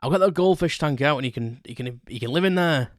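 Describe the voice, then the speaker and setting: A man voicing his grumbling, penny-pinching father in a put-on accent, higher than his usual voice. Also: animated, quick pace, no echo, studio quality, close to an everyday voice. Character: gruff stingy dad, grumbling.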